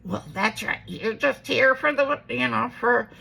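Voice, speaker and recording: A woman's voice: on the high side, measured pace, creaky, bright, forceful tone, breathy edge, heavily acted. A woman quoting her exasperated, defensive mother in a complaining tone.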